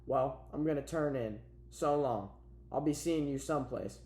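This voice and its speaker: A man's voice: mid-range voice, normal speed, a little mellow, close to an everyday voice. An easygoing young drifter says his goodbyes in a loose rural drawl, read by a man. There is room echo around the voice. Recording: roomy echo.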